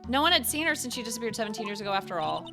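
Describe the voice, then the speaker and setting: Old chatty temple nun for a game read-along, gossipy lines, fairly high and lively, read by a woman. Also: quick pace, over music, natural voice.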